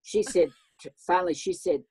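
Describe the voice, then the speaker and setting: An older man with a Southern US accent and a high voice often taken for a woman's, telling stories in a lively way and acting out the voices. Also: fairly quick, husky. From American South. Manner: animated, acts out voices in his stories. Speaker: guest. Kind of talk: casual anecdotal storytelling.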